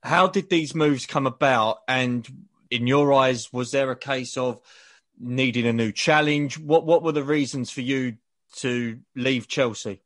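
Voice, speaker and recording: A man hosting a podcast, asking measured, polite interview questions. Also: medium pitch, a bit bright. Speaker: podcast host.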